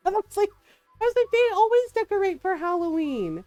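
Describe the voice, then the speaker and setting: A middle-aged woman streamer chatting casually, telling an animated story with frequent laughs and quoted voices. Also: very high voice, normal speed, dry recording, soft background music. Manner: animated, laughing often, quoting others in shifting voices.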